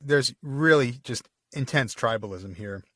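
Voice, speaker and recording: A man's voice: medium pitch, measured pace, pushed and bright, dry recording, clean studio sound. A man co-hosting a podcast, casually discussing a book and explaining details. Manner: explanatory, reads quotes aloud. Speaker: podcast co-host.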